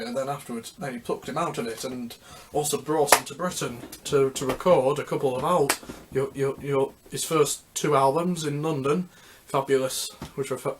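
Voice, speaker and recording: A man's voice: medium pitch, background noise. A man in a mid-range voice gives an unscripted talk on music history. He rambles and halts, stops often to restart his sentences, and keeps a loose, casual way of talking. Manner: rambling, halting, with many restarts. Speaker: music history video host.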